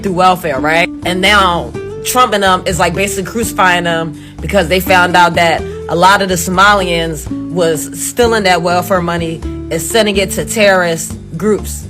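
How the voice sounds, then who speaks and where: A first-generation West African woman ranting incredulously in a casual reaction video, laughing at times. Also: lowish voice. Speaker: social media commenter.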